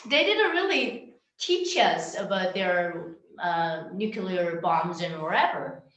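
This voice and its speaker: A young woman from North Korea, a native Korean speaker, sharing her story at a conference with earnest, halting speech full of fillers. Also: lowish voice, lively intonation, fairly bright tone, a little hiss or hum. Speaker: refugee speaker. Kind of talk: conference talk. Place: conference room or video call. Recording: roomy, distant mic.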